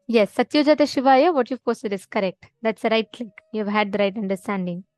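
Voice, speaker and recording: A woman with a somewhat high voice teaches a live online spiritual session. She explains patiently and keeps checking in with her listeners. The sound is dry and close. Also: fairly quick, a little mellow, no echo, faint music behind. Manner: explanatory, often checking understanding with "correct?".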